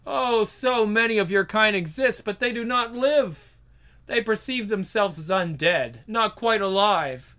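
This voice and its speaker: A man voicing a grandiose, cruel male vampire overlord in a pompous, drawn-out manner. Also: high-pitched, bright, forceful tone. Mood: gloating. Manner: pompous, drawn-out villain speech.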